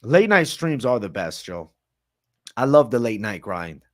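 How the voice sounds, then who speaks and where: A man's voice: mid-range voice, very animated, a little slow. A man hosting a casual late-night livestream Q&A, chatting in a laid-back, slangy way and answering viewers. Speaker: MMA livestream host.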